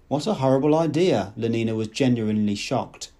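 A man narrating a literary audiobook in a measured, expressive way. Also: medium pitch.

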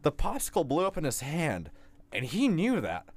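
A man from New Jersey co-hosting a casual podcast, quick with sarcastic asides and groaning reactions. His pitch swings widely as he gets worked up, which makes his chat sound animated. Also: slightly rough, no echo. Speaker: podcast co-host.

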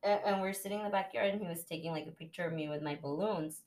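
A young woman with a slightly low voice tells a heartfelt personal story on a podcast. She chats casually and acts out the people she quotes. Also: fast talker, a little mellow. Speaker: podcast host. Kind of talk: casual chat.

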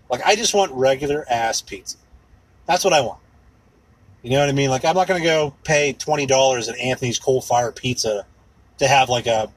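Solo podcast host, man, sweary animated rant, husky tone, dry close sound. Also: a little high, normal speed, dry recording, rough recording. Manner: profane, ranting, animated.

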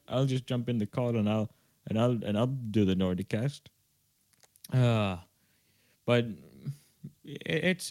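A man's voice: on the low side, no room sound. A young man co-hosting a podcast over a video call from home, filling time with loose, jokey, rambling chat and casual swearing. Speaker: podcast co-host. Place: home room.

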